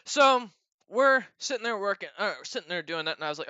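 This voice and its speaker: A man with a bright, tense voice and a smooth, crisp tone spins a rambling, profane story. He laughs often as he talks. The sound is dry and a bit dull, like a lo-fi desk mic. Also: sits high, big pitch swings, a little fast, no room sound. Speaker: streamer. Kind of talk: casual storytelling.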